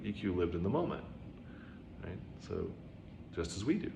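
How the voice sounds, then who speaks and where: A man's voice: very animated, normal speed, warm tone, lo-fi sound. Man, Zen dharma talk, casual and chatty, faint hiss, echoey room. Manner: conversational, many "right?" and "you know" asides; acts out quoted dialogue with raised pitch. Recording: roomy echo with faint background noise.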